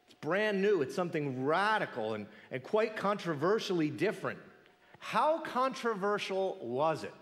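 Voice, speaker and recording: A man preaching a sermon, his voice pitched a little high and swinging widely as he fires off rhetorical questions. He drops to a hush to land a point. The sound carries a long reverb from a large hall. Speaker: pastor.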